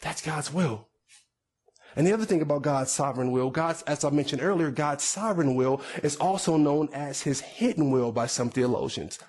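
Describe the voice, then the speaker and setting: A pastor preaching a sermon in a conversational way, with asides and repeated words. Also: male voice, fairly high pitch, normal speed, darkish tone. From United States.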